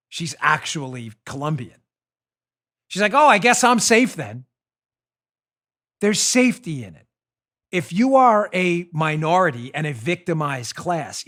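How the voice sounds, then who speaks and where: A man hosting a political commentary show, talking in an animated, mocking, rant-like way into a studio microphone. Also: a little high. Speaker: show host.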